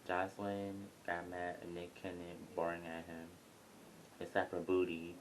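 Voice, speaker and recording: Deep-voiced man rambling through a show review. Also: completely flat delivery, moderate pace, poor audio. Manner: rambling, chatty, blunt. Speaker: YouTuber reviewing a reality show. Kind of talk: casual review vlog. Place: home near an airport, airplane noise. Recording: faint airplane rumble behind.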